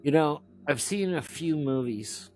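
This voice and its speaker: Walking through the indoor spaces of an old hotel said to be haunted, a cannabis podcast host cracks jokes and speaks to the empty rooms. His slightly high, darkish voice is expressive and measured, captured on a moving camera mic with faint music behind.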